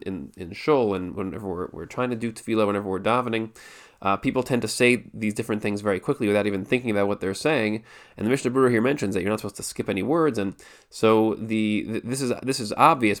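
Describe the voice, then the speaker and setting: Low-voiced man teaching with restarts. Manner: thoughtful, many restarts and repeated words. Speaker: Torah teacher. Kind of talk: spoken Jewish law lesson.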